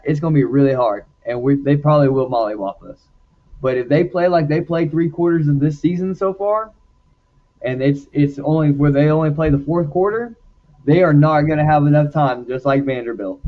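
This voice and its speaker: A man's voice: mid-range voice, phone-quality sound. Chatty man making football picks. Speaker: podcast co-host. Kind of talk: casual sports chat.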